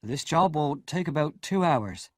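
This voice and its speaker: A man doing a gentle kindly blacksmith. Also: a little high, lively intonation, measured pace, no echo, studio quality. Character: gentle good-natured blacksmith, grown man.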